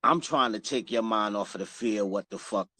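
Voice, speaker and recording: A man telling a story in casual chat, loud, profane and rambling. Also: on the low side, brisk, breathy edge, dry recording.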